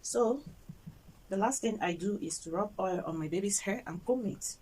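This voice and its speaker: A young woman from Nigeria with a Nigerian accent, a mother chatting softly and gently about her baby-care routine in a home vlog. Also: mid-range voice, normal speed, husky, low-quality recording. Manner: soft, gentle and chatty, talking to baby and viewers in turn. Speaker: mother and vlogger.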